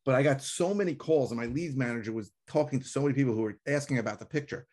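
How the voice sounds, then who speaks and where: Fast-talking man. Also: mid-range voice. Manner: animated storyteller, acts out callers. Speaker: podcast co-host. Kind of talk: casual podcast conversation.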